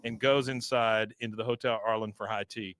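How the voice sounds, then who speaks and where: A man's voice: lowish voice, fairly even intonation, a little fast, a bit bright, smooth, dry recording. A man co-hosting a podcast, casually recapping an episode and acting out the characters' lines in put-on voices. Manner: retells scenes, quoting lines in put-on voices. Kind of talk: casual chat.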